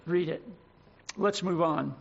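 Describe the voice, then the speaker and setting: A man with a gravelly, somewhat high voice preaches a sermon slowly, reading scripture aloud with dramatic emphasis and adding his own asides, captured on a dull lo-fi recording.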